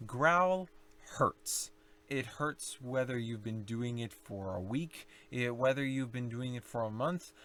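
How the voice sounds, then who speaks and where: A young man explaining low singing techniques in a casual tutorial, rambling and self-correcting as he demonstrates growls and vocal fry. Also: expressive, slow, fairly bright tone. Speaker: singing teacher.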